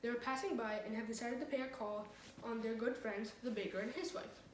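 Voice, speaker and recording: A woman's voice: a little high, brisk, slight background noise. Woman reading a story from across an echoey room. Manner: lively, switching voices for characters. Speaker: reader. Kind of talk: reading a comic short story aloud. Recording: echoey room, far from the mic.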